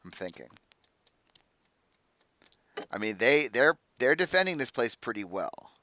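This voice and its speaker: Bright, dry-sounding male game master. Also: medium pitch, very animated, dry recording. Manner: explains rules and deliberates aloud. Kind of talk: running a tabletop game over voice chat.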